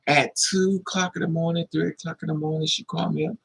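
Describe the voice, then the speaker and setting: A man with a husky, gravelly voice that sits a little high tells a personal story to his live viewers. He talks casually and bluntly, swears freely and speaks with a lot of feeling. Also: flat delivery, fast, a bit bright, rough recording. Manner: blunt, profane, emotional storytelling. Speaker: livestream host.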